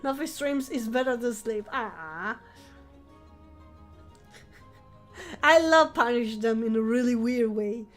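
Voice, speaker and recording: Woman streamer, high voice, soft-spoken and playful, recovering from flu, faint background music. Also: expressive, slow pace, long pauses. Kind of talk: casual live-stream chat.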